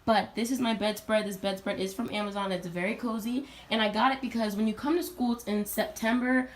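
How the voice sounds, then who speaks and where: A woman's voice: medium pitch, fairly even intonation, brisk. A young woman in college giving an upbeat, chatty tour of her dorm room and speaking straight to her viewers. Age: young adult. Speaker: college student vlogger. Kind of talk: casual dorm tour vlog.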